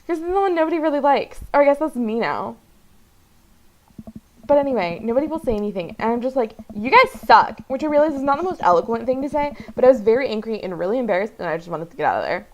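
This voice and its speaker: A woman's voice: on the high side, sing-song, quick pace, slight background noise, rough recording. A woman voicing an upset teenage girl who rambles indignantly to her dad about her friends.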